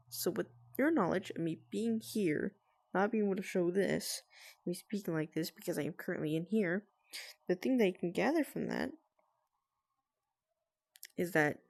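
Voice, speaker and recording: A woman talking quietly and carefully at home, explaining herself to friends with nervous laughs. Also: on the low side, creaky. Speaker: vlogger. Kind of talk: casual explainer talk to friends. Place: at home with family nearby.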